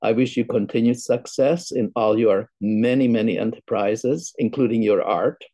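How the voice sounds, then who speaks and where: An older man hosting an interview, speaking in a slow, measured way as he wraps up the show. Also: fairly low pitch, steady tone, warm tone, dry recording. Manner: slow, measured, spells things out. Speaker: podcast host. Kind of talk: interview host wrap-up.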